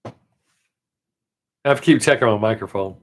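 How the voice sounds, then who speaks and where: A man's voice: on the low side, takes it slowly. Joking man chatting on a live stream. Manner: joking, rambling, self-mocking. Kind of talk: casual live-stream chat with viewers.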